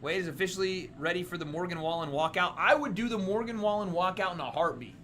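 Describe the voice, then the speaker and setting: A man hosting a casual livestream watch party, joking, reacting loudly to fights and thanking viewers for donations. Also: high voice, fast talker, a little hiss or hum. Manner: excitable, jokey, reads out donations. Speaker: livestream host.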